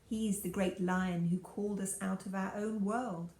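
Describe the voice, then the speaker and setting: A woman's voice: medium pitch, steady tone, measured pace, a little mellow, reverberant, lightly acted. A woman doing a hearty schoolboy. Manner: hearty, old-fashioned schoolboy slang. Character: plucky English schoolboy, hearty.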